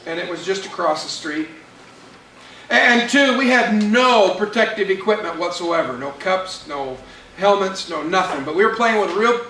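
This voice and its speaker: A pastor telling a personal story in a sermon, acting out the voices of the people in it. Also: male voice, high-pitched. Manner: animated storyteller acting out quotes. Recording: echoey room, mic at a distance, faint hiss.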